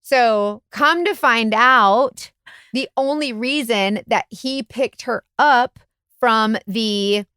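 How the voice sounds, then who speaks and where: A woman's voice: takes it slowly, smooth, no echo, studio quality. A woman, a private investigator co-hosting a podcast, telling a story in casual chat and acting out the quotes with big jumps in voice. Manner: animated, acts out quotes with big pitch jumps.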